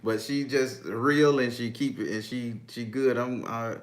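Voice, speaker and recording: This tarot reader hosts a relaxed livestream in a medium-pitched, fairly even voice, never rushing. Swearing and speaking with emphasis, he reads out comments from viewers and laughs often.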